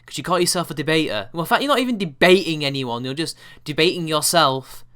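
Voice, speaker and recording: A male commentator fires back with scornful, exasperated rebuttals. His voice is bright and forceful, pitched a little high. He sounds openly fed up. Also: lively intonation, fast talker. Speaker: video commentator. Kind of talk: response video commentary.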